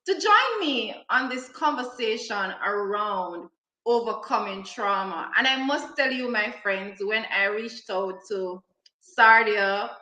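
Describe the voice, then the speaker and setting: A woman hosts a live online talk, introducing her guest at an unhurried pace. Her voice is bright and somewhat high. The room around her sounds echoey. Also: lively intonation. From Jamaica. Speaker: host.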